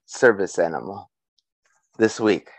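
Young male co-host, low voice, dry close sound, chatty storyteller who laughs a lot. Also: animated, takes it slowly, breathy edge, dry recording. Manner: laughs through a storytelling rant. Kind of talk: casual chat.

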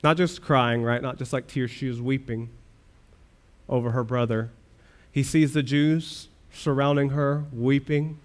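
Male pastor, mid pitch, earnest sermon delivery with emphatic questions. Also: steady tone, a little slow. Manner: earnest preaching with rhetorical questions and swells of emphasis.

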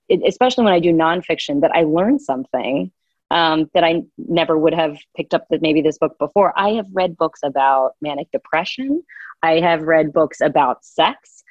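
Chatty low-voiced woman on dull audio. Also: normal speed, no room sound. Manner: chatty, expressive, laughs easily. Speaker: audiobook narrator, guest. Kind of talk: casual interview chat. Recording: dull dry lo-fi sound.

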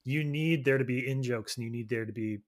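A man's voice: medium pitch, a little fast. A man co-hosting a casual film podcast, giving thoughtful, analytical comments. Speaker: podcast co-host.

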